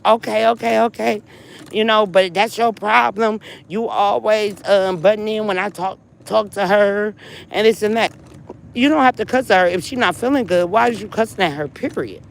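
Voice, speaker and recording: With a creaky, mid-range voice at a moderate pace, this vlogger recounts a lengthy personal story to her audience. She's worn down and upset, venting casually, frequently repeating herself and talking straight to viewers. The low-quality recording has a little hiss or hum.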